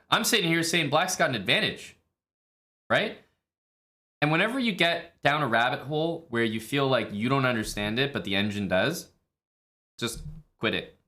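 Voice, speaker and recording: With a sharp, mid-range voice, a man streams live and comments on chess lines casually and bluntly, cursing, playing out his own thoughts, and laughing at odd moves.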